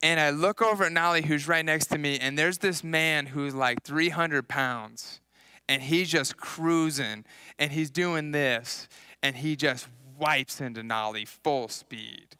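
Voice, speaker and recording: A man in his thirties preaching a casual sermon, telling personal stories in an animated way and acting out what people said. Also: on the high side, a little slow, clean tone, no room sound. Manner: casual, animated storytelling with acted-out quotes. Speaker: pastor.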